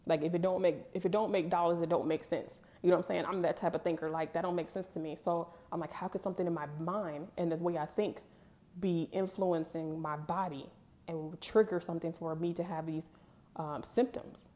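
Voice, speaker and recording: A woman's voice: on the low side, steady tone, a little fast, warm tone. A young woman, telling a personal story to her viewers in a candid, emphatic, conversational way. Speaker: vlogger. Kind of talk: casual storytelling to camera.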